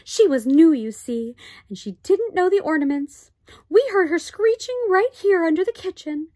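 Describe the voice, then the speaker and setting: A woman's voice: very high-pitched, lively intonation, normal speed, pitched above the performer's own voice. A woman voicing an anxious, strict tiny borrower mother who talks sharply and fussily in a storybook reading. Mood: fussy. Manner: sharp, scolding, fussy.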